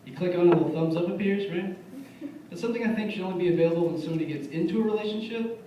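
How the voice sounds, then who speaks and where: A young man performs stand-up at a bar music venue, racing along in a high, warm voice, with a little hiss or hum. Telling stories conversationally, he acts out his friends' lines, caught by a distant, echoey room mic amid audience laughter.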